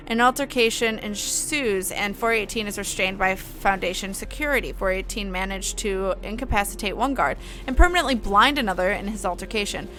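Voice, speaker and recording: A woman's voice: medium pitch, fairly bright tone. A young woman streamer casually reading horror files aloud, stopping to chat and comment. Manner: chatty, breaks off to comment and laugh.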